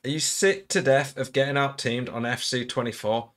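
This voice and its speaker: A man's voice: medium pitch, moderate pace, a bit bright. A man reading a scripted sponsor ad in an upbeat, salesy way. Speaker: ad announcer. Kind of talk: scripted ad read.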